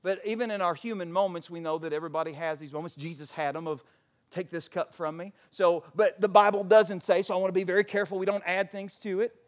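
A middle-aged pastor preaches quickly in a high voice with fairly even intonation. He swings from fervent, near-shouted passages to quiet, intimate storytelling, and acts out voices when quoting others.

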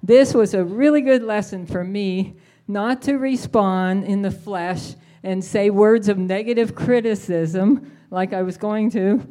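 A woman sharing a personal faith story in an earnest, measured way. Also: medium pitch, dark tone. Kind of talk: personal testimony.

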